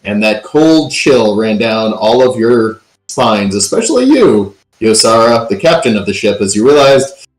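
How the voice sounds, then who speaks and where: A man's voice: fairly low pitch, very animated, measured pace. A man running a tabletop game as game master, narrating the story and recapping with dramatic emphasis and the odd um. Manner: dramatic recaps with filler ums. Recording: roomy echo.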